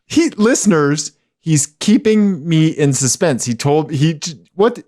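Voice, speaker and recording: Excitable male podcast co-host, fairly high voice with big swings in pitch, casual chat. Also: unhurried. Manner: excitable, voice jumps high in surprise.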